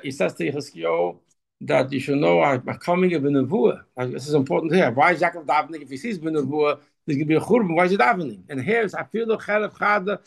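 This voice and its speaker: Gravelly husky guy, torah talk, stop-start and repeats himself, then pushes hard. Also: on the high side. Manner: halting, repeats words, emphatic exhortations. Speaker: Torah teacher.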